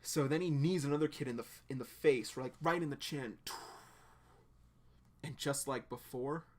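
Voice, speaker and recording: An excitable man doing a casual live reaction to a webcomic. He rambles as he describes each panel and leans on filler words, with a voice of ordinary middle pitch. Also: normal speed.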